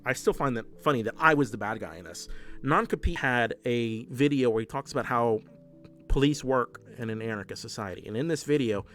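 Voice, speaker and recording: A man's voice: mid-range voice, expressive, a little fast, a bit bright, faint music behind. A man doing livestream political commentary, reading chat as he goes, heated and profane, often restarting his sentences. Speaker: political streamer.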